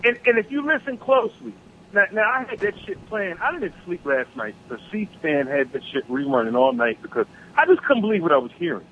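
A man calling in by phone, ranting with heavy profanity about politics in a heated, animated way. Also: high voice, brisk, a little hiss or hum. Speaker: caller. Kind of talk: angry political rant on a call-in show. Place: South Carolina. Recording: tinny phone line.

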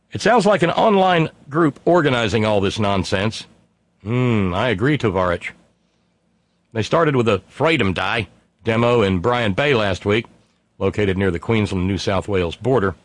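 A man's voice: on the low side, no room sound. A middle-aged man from West Virginia, hosting a casual talk show in a sardonic, profane monologue while reading listener emails aloud. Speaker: podcast host.

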